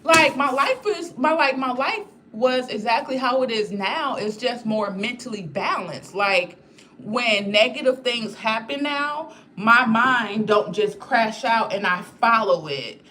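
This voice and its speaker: A young woman, chatting candidly and animatedly with her viewers. Her pitch swings widely as she tells her stories. Faint noise sits behind her voice. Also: unhurried. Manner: candid, lively storytelling with frequent "like" and "y'all". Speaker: spiritual content creator. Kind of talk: casual livestream chat.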